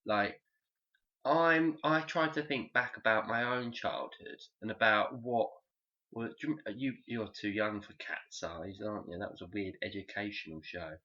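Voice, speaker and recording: A man's voice: fairly low pitch, moderate pace, bright, forceful tone, highs cut off. A man hosting a casual podcast chat, rambling, joking and swearing freely. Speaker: podcast host.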